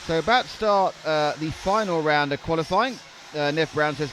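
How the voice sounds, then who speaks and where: A man's voice: a little high, moderate pace, few pauses, a bit bright. A young man doing live race commentary in a joking, rambling way, often stammering and restarting. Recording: noisy trackside broadcast.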